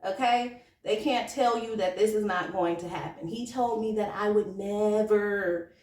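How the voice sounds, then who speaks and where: A woman in her thirties telling a personal story to camera in a chatty, animated, slangy way that turns emotional. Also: mid-range voice, unhurried, far from the mic. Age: 30s. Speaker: vlogger. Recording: roomy echo, from off the mic.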